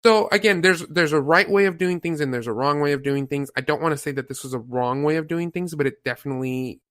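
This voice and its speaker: A man hosting a casual review show, retelling film scenes in an animated, rambling way with lots of fillers. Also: on the high side, quick pace, dry recording, studio quality. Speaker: podcast host reviewing a film. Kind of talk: casual chat.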